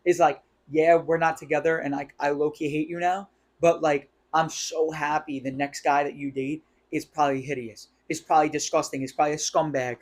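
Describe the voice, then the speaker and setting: Young New York co-host, slangy and quick to laugh, voice sits a bit high. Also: male voice, level tone. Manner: laughs a lot, slangy banter. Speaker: podcast co-host. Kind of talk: casual chat.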